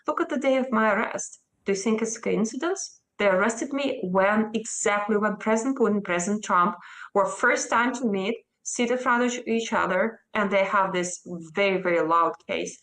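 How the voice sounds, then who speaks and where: A woman's voice: medium pitch, moderate pace, a bit bright. Emphatic Russian-accented woman guest. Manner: emphatic, insistent, defiant. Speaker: interview guest. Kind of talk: remote news interview.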